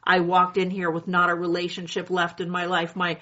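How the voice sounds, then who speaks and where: A woman's voice: on the low side, monotone, normal speed, pushed and bright. Wry woman in her sixties telling her story. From California. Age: 60s. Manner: wry, self-mocking storytelling with laughs. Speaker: recovery meeting speaker. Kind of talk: candid personal share at a meeting. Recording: dull lo-fi meeting recording.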